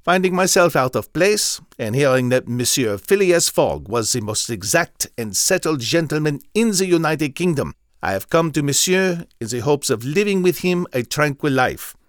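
A man's voice: fairly high pitch, animated, normal speed, hardly any pauses, dry recording, clean studio sound, pitched above the performer's own voice, close to an everyday voice. A man voicing an eager, chatty young male French manservant in a storybook reading, polite and wordy.

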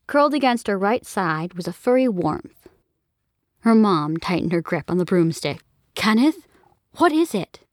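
A woman narrating a children's story in an expressive, storytelling manner, on a close studio mic. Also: lowish voice, moderate pace, no echo. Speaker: audiobook narrator.

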